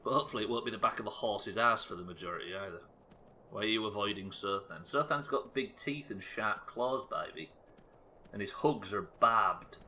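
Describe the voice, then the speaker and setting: A man streams a game live, trading quick jokes and curses with his chat. His voice is rather low yet bright and forceful, with faint background noise behind him. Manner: swearing, joking asides to chat. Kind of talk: live gameplay commentary.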